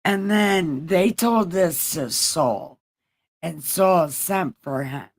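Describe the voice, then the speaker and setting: Woman host, slow irreverent scripture reading, swears freely. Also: fairly low pitch. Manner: profane slangy paraphrasing, asides to viewers.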